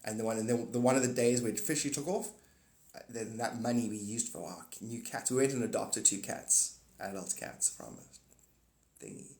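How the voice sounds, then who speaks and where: A man's voice: fairly low pitch, moderate pace. A man hosting a livestream, chatting casually with viewers and rambling through spiritual ideas. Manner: rambling, animated, spiritual talk. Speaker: livestream host. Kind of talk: casual livestream chat reading comments. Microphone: phone. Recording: echoey room.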